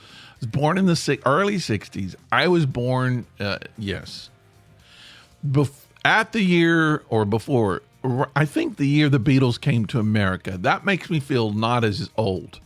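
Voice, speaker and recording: A man's voice: mid-range voice, big pitch swings, measured pace, no echo, soft background music. A man in his sixties hosting a podcast, rambling through a casual monologue with self-mocking jokes. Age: 60s. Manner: self-mocking, jokey, meandering. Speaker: podcast host.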